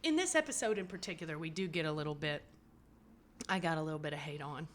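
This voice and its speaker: A woman's voice: sits low, quick pace, slight background noise. A woman hosting a podcast, recapping an episode in casual, sarcastic chat with some swearing. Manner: chatty and sarcastic, swears, trails off. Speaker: podcast host.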